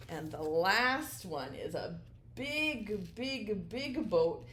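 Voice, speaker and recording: A woman teaching a virtual preschool circle time, speaking slowly and encouragingly in an exaggerated sing-song manner. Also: mid-range voice, big pitch swings, fairly bright tone, a little hiss or hum. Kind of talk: virtual circle-time lesson for young children.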